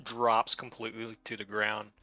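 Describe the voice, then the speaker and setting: A man narrating a tabletop game as game master, with many pauses and fillers. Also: fairly low pitch, monotone, pushed and bright, dry recording, highs cut off, faint music behind.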